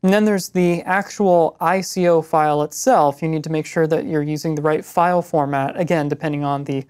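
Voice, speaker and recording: A man's voice: fairly high pitch, steady tone, a little fast, a little mellow, clear, resonant tone. A man co-hosting a casual web tech news show, enthusiastic and easygoing while presenting links. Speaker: co-host.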